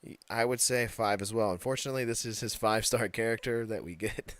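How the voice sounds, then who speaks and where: A low-voiced man co-hosting a podcast, chatting casually and bluntly with plenty of swearing. The recording is dry and close, with no room echo. He laughs often as he talks. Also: fast, a bit bright. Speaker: podcast co-host. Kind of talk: casual wrestling podcast chat.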